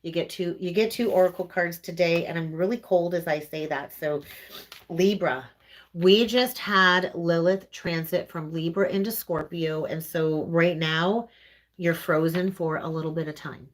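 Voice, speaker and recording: A woman's voice: lowish voice, fairly even intonation, unhurried. Earnest Canadian woman reading tarot. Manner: earnest, conversational, often tags lines with "right?". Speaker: tarot reader. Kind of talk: live-streamed tarot reading.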